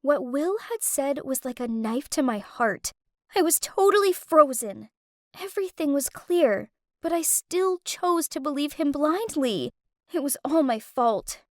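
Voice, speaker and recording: A woman narrating a first-person animated story in a dramatic, emotional way. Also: sits high, a little slow, no echo, studio quality.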